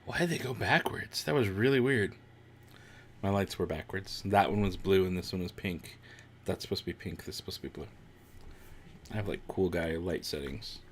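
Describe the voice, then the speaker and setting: A man's voice: low voice, moderate pace, slightly rough. A man hosting a live watch-along stream, chatting casually with viewers, reacting to the show and laughing often.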